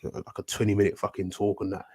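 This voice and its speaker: A British man, telling animated, slangy stories as a guest in a casual chat. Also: fairly low pitch, fast, slightly rough. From United Kingdom. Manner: animated, swearing, slangy storyteller. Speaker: podcast guest.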